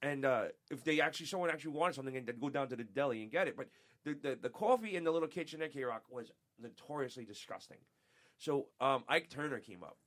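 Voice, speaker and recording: A man from upstate New York, a former radio show staffer, telling profane, animated stories as a guest in a casual chat. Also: medium pitch, fast. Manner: profane, animated, laughing, acts out quotes.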